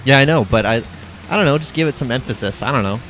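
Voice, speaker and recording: A man's voice: mid-range voice, lively intonation, fast talker, fairly bright tone, faint music behind. A young man co-hosting a podcast in casual, rambling, jokey chat. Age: young adult. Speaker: podcast co-host.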